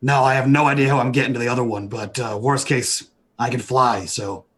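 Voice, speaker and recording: A man playing a tabletop game, talking calmly with some hesitation. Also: mid-range voice, fairly quick, breathy edge. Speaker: player. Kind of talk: casual tabletop play.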